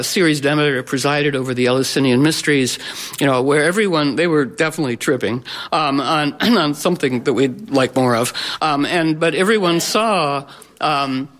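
Speaking to a live crowd about astrology, this man is informal and playful, wandering through fillers and restarts and slipping into sudden animated voices. His pitch sits a little high.

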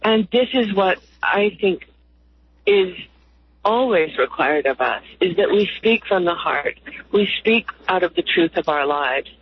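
A husky-voiced woman guest speaks slowly and earnestly, shaping her thoughts into lyrical phrases. She comes through a thin, tinny phone line with a dry, close sound. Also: lowish voice, lively intonation, dry recording. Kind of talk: reflective interview talk.

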